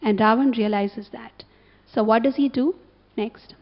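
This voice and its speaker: A woman's voice: fairly high pitch, measured pace. A woman gives a sermon, telling a story and checking in with her listeners through short questions. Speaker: temple speaker. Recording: dull lo-fi recording.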